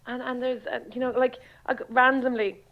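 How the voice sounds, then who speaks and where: A woman's voice: high-pitched, brisk, dull audio. A young Irish woman, a radio DJ, chatting as a guest and telling embarrassing stories, acting out her own lines with a lot of life. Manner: animated storyteller, acts out her own quotes. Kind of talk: casual chat, telling funny stories.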